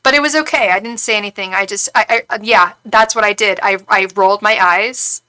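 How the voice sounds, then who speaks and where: A woman who reads tarot on a live stream, telling an animated, gossipy story to her chat, rambling with restarts. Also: medium pitch, fairly quick, smooth.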